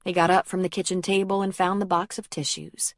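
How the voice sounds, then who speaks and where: A woman with a lowish voice reads an audiobook in a calm, measured way. The sound is dry and close, with no room echo. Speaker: audiobook narrator. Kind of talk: scripted narration.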